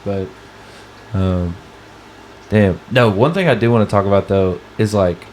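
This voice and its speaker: A laid-back young man chatting casually on a podcast, swearing easily and tossing in quick agreements. His voice sits a little low. Faint noise hums under the recording. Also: a little mellow. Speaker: podcast co-host. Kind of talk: casual chat.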